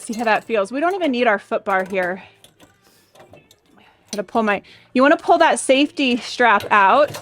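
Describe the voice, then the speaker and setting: A young adult woman leading a Pilates class, cheering and counting reps, a bit out of breath. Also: a little high. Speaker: Pilates instructor. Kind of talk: workout class instruction.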